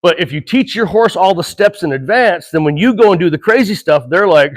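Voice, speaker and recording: A middle-aged man training horses and explaining as he works, earnest and animated, chuckling between thoughts and slowing down to calm breaths. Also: high voice. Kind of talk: casual horse-training demonstration.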